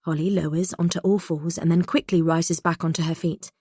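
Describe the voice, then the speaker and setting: A woman reading a first-person thriller audiobook in a tense, measured way. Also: lowish voice, fairly even intonation, darkish tone, husky, no echo, clean studio sound. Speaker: audiobook narrator.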